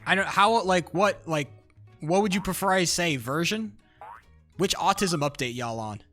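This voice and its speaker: A man's voice: sits high, lively intonation, moderate pace, fairly bright tone, soft background music. A young man chatting casually on a live stream, rambling, restarting sentences and swearing a lot.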